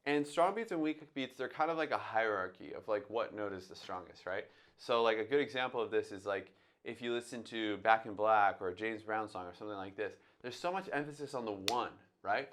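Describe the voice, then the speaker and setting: A man's voice: fairly low pitch, a little fast, few pauses, a bit bright. A man teaching drums in a casual, step-by-step way, thinking aloud and singing drum sounds as he goes. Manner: talks through his thinking, sings drum sounds aloud. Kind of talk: casual instructional talk.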